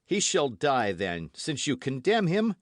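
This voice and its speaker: Voicing a gallant, earnest young swordsman, the narrator pleads in a caressing tone, pitched above their own voice and lively in inflection yet close to an everyday voice. It moves at normal speed, recorded dry and close.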